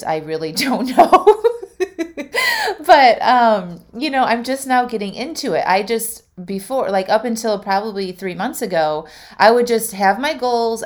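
A woman life coach telling a personal story in a casual, heartfelt monologue, talking straight to her listeners with plenty of fillers. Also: fairly low pitch. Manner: chatty, heartfelt, many "like" fillers; addresses listeners directly.

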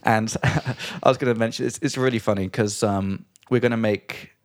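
A man hosting a podcast in casual chat, animated and laughing as he tells stories. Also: on the low side, normal speed. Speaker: podcast host.

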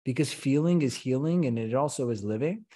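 A man speaking as a guest in a podcast interview, talking passionately and asking rhetorical questions, with mid-range pitch. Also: expressive, fairly quick, warm tone. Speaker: podcast guest, company CEO. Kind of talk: conversational interview.

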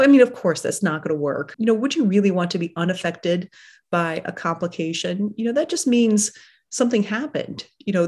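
A mid-range woman, a surgeon and coach, presents a webinar, working through her slides in a reflective, conversational way peppered with fillers.

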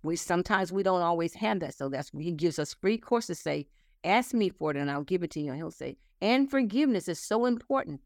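A woman's voice: fairly low pitch, expressive, fairly quick, dry recording, clean studio sound. Earnest woman in her sixties. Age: 60s. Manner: earnest storytelling, acting out quoted dialogue. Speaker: interview guest. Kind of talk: casual faith-based conversation.

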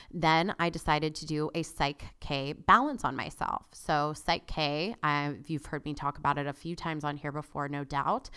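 A young adult woman hosting a casual solo podcast, telling a personal story in a chatty, animated way with frequent asides. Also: deep voice, clear, resonant tone. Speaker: podcast host.

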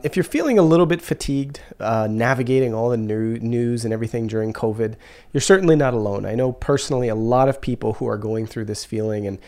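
A man's voice: medium pitch, mellow. A man hosting a podcast, introducing the episode in an earnest, conversational way, his nose stuffy from a cold. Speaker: podcast host.

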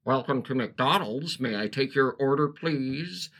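A man's voice: medium pitch, expressive, unhurried, fairly bright tone. A man voicing a sweet young female drive-thru clerk whose politeness turns icy, in rhyming verse. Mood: prim, icy.

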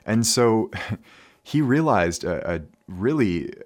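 A man with a very low, deep voice speaks directly to young players as a coach. He tells his story earnestly and lets a light laugh slip in now and then. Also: big pitch swings, slow pace. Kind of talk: motivational talk to camera.

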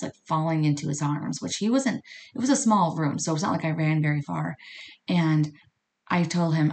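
Low-voiced chatty woman telling a story. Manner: chatty, animated, acts out quoted dialogue. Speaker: podcast host. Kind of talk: casual storytelling monologue.

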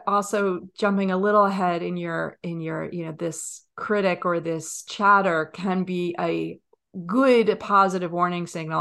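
A woman's voice: lowish voice, creaky, fairly bright tone. A woman podcast host in a casual interview, asking long, thoughtful framing questions.

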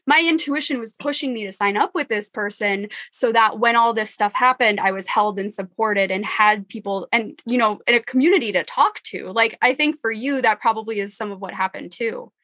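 Bright, effusive woman coach. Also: fairly high pitch, fairly quick, few pauses, dry recording. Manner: warm, effusive, swears casually. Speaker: coach and host. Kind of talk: casual supportive chat.

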